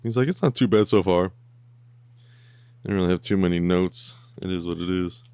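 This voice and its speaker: Deep voiced guy riffing on a tv episode, jokey and rambly, dry close mic. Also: normal speed, dark tone, clean tone, no room sound. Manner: rambling and jokey, humming along and mimicking characters. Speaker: podcast host reacting to a TV episode. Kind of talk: casual watch-along commentary. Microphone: headphones on, close mic.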